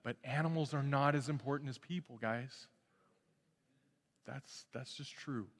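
A man preaching a sermon as a pastor in a lively, joking way, often restarting his phrases. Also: mid-range voice, a little slow. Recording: long hall reverb.

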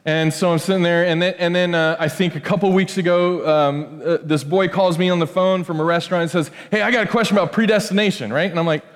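This pastor's voice is slightly high and clean, moving briskly with hardly any pauses. He delivers a loose, joke-filled sermon in a church sanctuary, animated and conversational, often restarting and wandering into asides, while the hall's long reverb trails behind him.

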